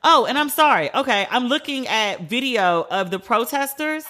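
A woman's voice: a little high, lively intonation, moderate pace, pushed and bright, a faint crowd. A woman hosting a podcast, giving blunt, profane and incredulous casual commentary on TV shows and the news.

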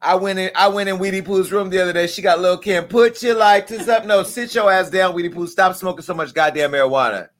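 A man hosting a commentary vlog, talking in an animated, profane, joking way about gossip and the news. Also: sits high, fast talker, few pauses.

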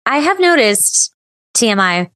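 A woman's voice: a little high, very animated, a little slow, fairly bright tone. A woman co-hosting a podcast in casual chat, tired but friendly and easygoing, close on a microphone. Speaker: podcast co-host. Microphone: close studio microphone.

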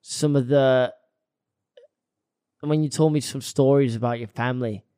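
A man co-hosting a podcast, playful and quick to clown around in casual chat. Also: medium pitch, fairly even intonation, warm tone, smooth, no room sound, studio quality. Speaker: podcast co-host.

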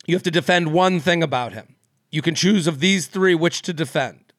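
Man, podcast co-host, fairly high pitch, loose rambling jokes, dead-dry studio sound. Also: fairly bright tone, no echo. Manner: jokey, rambling, quick asides. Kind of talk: casual comedic chat.

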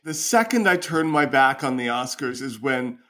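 A man, a comedian guest, telling rambling, animated anecdotes in casual chat. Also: medium pitch, normal speed.

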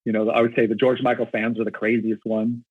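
A man with a husky, slightly rough voice talks eagerly and at length, stumbling over and restarting his words as he tells a story. The sound is dry and squeezed through a narrow, phone-like band. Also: mid-range voice, level tone, fast, no room sound. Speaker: concert photographer. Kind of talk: storytelling in an interview.

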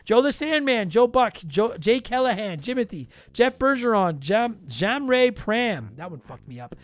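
Very high-pitched and very animated, this podcast host nonetheless sounds tired and worn as he rattles off a long list of patron names. He jokes casually throughout, with a self-deprecating streak, and reads the names fast.

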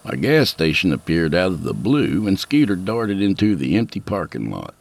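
Deep-ish man narrating a folksy tale. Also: sing-song, normal speed, vocal fry. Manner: dry storytelling with folksy humor. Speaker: narrator and host. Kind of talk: scripted narration.

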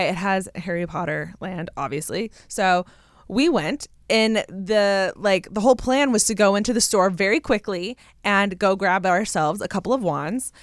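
A woman's voice: mid-range voice, dry recording, studio quality. A woman co-hosting a casual chat, playful and teasing, talking in a chatty way. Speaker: podcast co-host.

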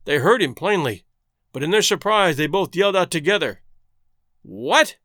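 A man narrating a story in a measured, expressive way. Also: high voice, dry recording, studio quality.

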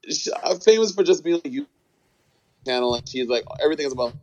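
A man chatting casually as a guest. He uses playful, profane slang and jumps into high-pitched exclamations. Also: lively intonation, fast talker, lo-fi sound. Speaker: podcast host appearing as a guest. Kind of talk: casual chat.

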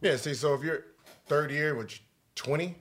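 A man co-hosting a podcast, a former basketball player chatting casually, blunt and profane as he tells animated stories. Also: on the high side, normal speed. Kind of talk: casual chat.

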